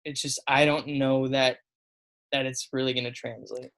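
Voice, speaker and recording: A man co-hosting a laid-back sports podcast at a middling pitch. He talks in an easygoing way, laughs often and fills his sentences with "you know" and "like.". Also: flat delivery, normal speed, vocal fry, fairly bright tone, a little hiss or hum. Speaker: podcast co-host. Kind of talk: casual sports talk.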